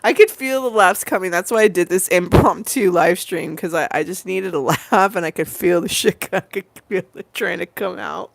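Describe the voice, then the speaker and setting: A woman's voice: lowish voice, moderate pace, vocal fry, few pauses. A woman chatting on an impromptu live stream, swearing freely and breaking into giggles. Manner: profane, giggly and silly; breaks into laughing fits.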